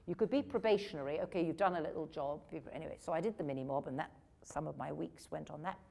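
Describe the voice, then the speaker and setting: An older woman from England, an actress telling lively, self-deprecating stories about her career at a question-and-answer session. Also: deep voice, quick pace, vocal fry. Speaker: actress guest at a film Q&A. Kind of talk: anecdotal Q&A storytelling.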